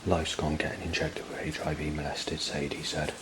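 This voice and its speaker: A man talks through a personal log in a deep, low voice, rambling and hesitant. He records indoors, and a steady hiss of ambient noise sits under the whole recording. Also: normal speed. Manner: rambling, hesitant, dotted with fillers. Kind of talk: spoken log. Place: indoors in a building.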